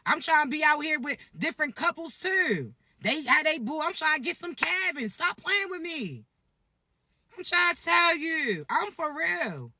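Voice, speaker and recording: Animated high-voiced woman, profane and playful. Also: moderate pace, few pauses, no room sound. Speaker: spiritual content creator. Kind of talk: casual energy reading vlog.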